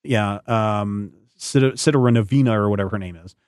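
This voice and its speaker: A man with a fairly low voice hosts a casual podcast chat, rambling along and stopping to hunt for names and details. His voice sits close and dry on the mic, with no room around it. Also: normal speed, a little mellow, no room sound. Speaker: podcast host.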